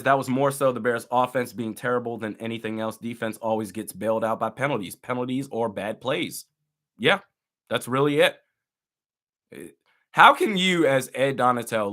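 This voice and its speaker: A young man giving live reaction commentary on a football game as a fan, animated and exasperated, with loud outbursts. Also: mid-range voice.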